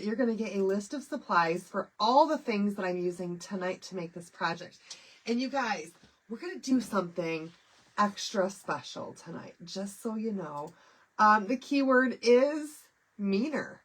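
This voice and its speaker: A woman's voice: mid-range voice, animated, moderate pace. Middle-aged lady from michigan with a head cold, all stuffy and nasal, bubbly chatter on her craft live stream. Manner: chatty, greets viewers by name, bubbly. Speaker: craft livestream host.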